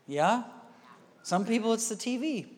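Male pastor, sermon delivery. Higher-pitched, storytelling with acted quotes, checks in with the crowd. Reverberant hall. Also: lively intonation, unhurried, darkish tone. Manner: storytelling, acts out quoted voices; asks the crowd "are you with me?".

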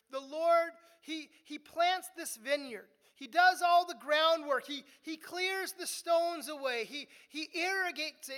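A woman's voice: sits high, fairly bright tone. A woman preaching an expository sermon in a conversational teaching manner, often repeating a word as she restarts a phrase.

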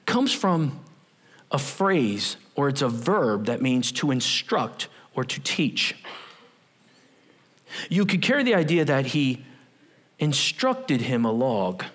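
A man preaching a sermon as a pastor, animated and humorous, acting out scenes as he goes. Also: mid-range voice.

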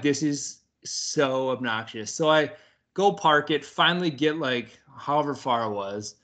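A young man tells a story in loose podcast chat, cursing freely and laughing along. His voice is bright and pushed forward. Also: on the high side. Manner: animated, swears often, laughs through the story. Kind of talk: casual storytelling.

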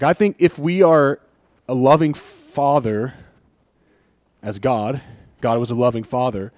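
A man preaching a conversational sermon, animated and acting out people's complaints with laughs. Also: mid-range voice, no echo. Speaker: pastor.

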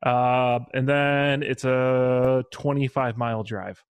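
A man's voice: mid-range voice, steady tone, takes it slowly, smooth, no echo. A man co-hosting a podcast in a casual chat, steering the conversation back to the topic. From Chicago area. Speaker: podcast co-host. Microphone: home mic over video call.

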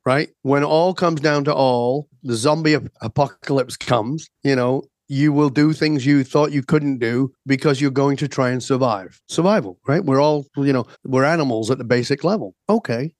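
A man working as a transformation coach, telling stories emphatically and acting out quick back-and-forth dialogue in conversation. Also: medium pitch, a little mellow, dry recording. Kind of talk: animated storytelling in conversation.

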